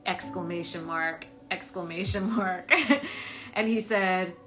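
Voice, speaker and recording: A woman's voice: on the low side, slow pace, sharp tone. A woman telling a personal story in a frank, profane way, often laughing, playing the other people's lines in her own voice. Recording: music playing underneath.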